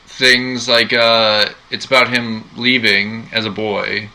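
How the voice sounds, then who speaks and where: Gravelly, bright-toned man asking questions. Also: on the low side, level tone, takes it slowly, poor audio. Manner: curious, prompting with short questions. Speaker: podcast co-host. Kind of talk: casual chat.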